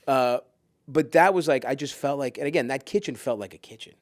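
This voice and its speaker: A man talking casually as a podcast guest, excitable and profane, full of fillers and quick restarts. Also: mid-range voice.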